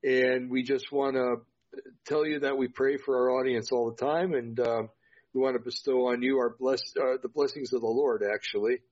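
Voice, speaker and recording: A man's voice: medium pitch, fairly even intonation, moderate pace, a little mellow. A tired man hosting a podcast, affirming his co-host and signing off with lots of fillers. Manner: affirming, loose and filler-heavy. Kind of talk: casual podcast sign-off. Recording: dull lo-fi podcast audio.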